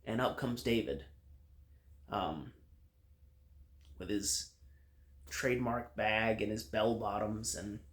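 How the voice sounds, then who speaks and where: A man's voice: fairly low pitch, slow, pauses often, fairly bright tone. A man giving a casual spoken review of a TV episode, retelling the plot with frequent fillers and restarts.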